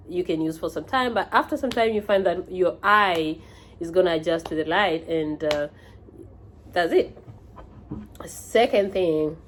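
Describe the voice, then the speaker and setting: Kenyan woman vlogging advice, lowish voice, chatty w lots of uh and um. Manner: conversational, with frequent fillers and restarts. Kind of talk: casual advice vlog.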